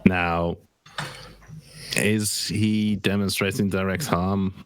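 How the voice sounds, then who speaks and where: A man co-hosting a casual live panel chat, animated and swearing freely. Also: low-pitched, takes it slowly, clean tone. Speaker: co-host.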